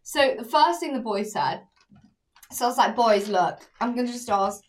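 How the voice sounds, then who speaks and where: A chatty young woman co-hosting a podcast, her voice a little high. She sits slightly back from the mic, so she sounds a touch distant, and she mimics the people she quotes in flat, dry tones. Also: normal speed. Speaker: podcast co-host. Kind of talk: casual chat.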